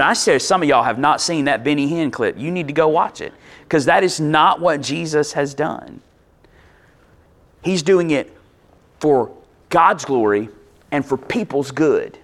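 A man's voice: a little high, a bit bright. A man delivers a sermon. His preaching is conversational and he speaks directly to the congregation. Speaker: pastor.

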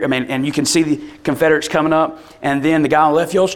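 A man preaching a sermon, telling a story with rising energy and bursts of shouting. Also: a little high, fast talker, hardly any pauses. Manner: animated storytelling, builds to shouts.

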